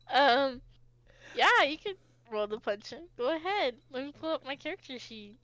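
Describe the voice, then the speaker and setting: A woman narrating as game master of a tabletop game, with lots of fillers and hesitant pauses. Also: high voice, animated, bright, forceful tone, dry recording.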